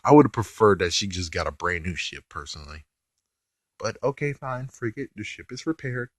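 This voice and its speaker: A man's voice: on the low side, animated, normal speed, fairly bright tone, breathy edge, no echo, studio quality. A man reviewing a TV episode in a casual rant, swearing offhandedly and laughing often.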